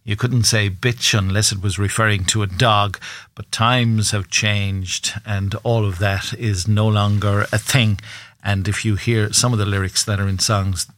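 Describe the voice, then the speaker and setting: A man's voice: fairly low pitch, unhurried, no echo. A man hosting a breakfast radio show, chatting casually and running a quiz on a studio microphone. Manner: chatty, relaxed, talks straight to listeners.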